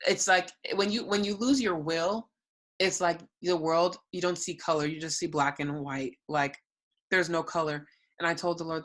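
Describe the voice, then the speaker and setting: Low, bright-toned woman telling her story. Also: steady tone, brisk. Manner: earnest, storytelling, reenacts her own prayers. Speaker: guest sharing her testimony. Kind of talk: emotional personal testimony.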